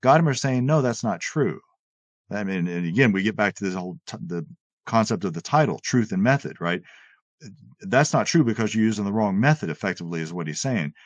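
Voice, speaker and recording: A man discussing philosophy in casual conversation, animated and often restarting his words as he paraphrases an author. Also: fairly low pitch, quick pace, dry recording, muffled recording. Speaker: podcast co-host.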